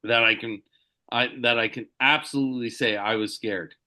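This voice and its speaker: A man, a podcast host, telling a story in a casual, halting way with many restarts. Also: medium pitch, steady tone, sharp tone.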